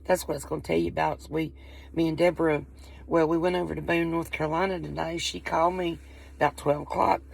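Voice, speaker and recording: A vlogger from Appalachian coal country in the US speaks with a Southern Appalachian accent, chatting casually to the camera in a low, husky, darkish voice with vocal fry. She talks fairly quickly with little pitch movement. Her talk is rambling and folksy, and she often interrupts her own sentences.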